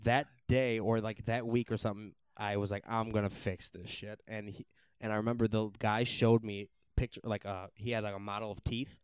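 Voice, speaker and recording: A man's voice: fairly low pitch, level tone, a little fast, few pauses, clear, resonant tone, no room sound, clean studio sound. A young man co-hosting a podcast, chatting casually in a small room, rambling and laughing as he talks. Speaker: podcast co-host. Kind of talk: casual chat. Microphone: podcast mic with headphones.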